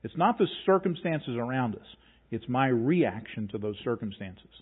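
A man's voice: medium pitch, very animated, moderate pace, breathy edge. A man preaching a sermon to his congregation in a conversational, emphatic way, reading scripture aloud and pressing his points home. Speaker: pastor. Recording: tinny phone-like sound.

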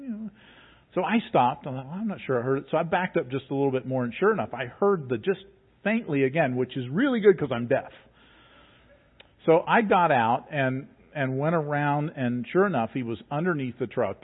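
A man preaching, his tone folksy and conversational as he jokes his way through personal stories. His voice sits at an ordinary middle pitch. The sound is narrow and tinny, like a phone line. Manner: folksy, joking, conversational storytelling. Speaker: pastor. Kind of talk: sermon with personal story.

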